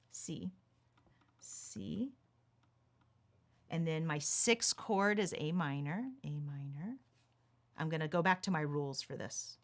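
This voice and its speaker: A woman teaching a ukulele lesson on a livestream, patiently explaining chords step by step. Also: sits low. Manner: calls out chords while strumming. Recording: ukulele playing under the voice.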